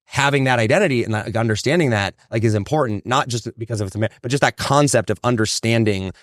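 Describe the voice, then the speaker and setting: A man's voice: mid-range voice, fast, no echo, studio quality. A man hosting a podcast in casual interview chat, rambling and leaning on "right?" and "like". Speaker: podcast host.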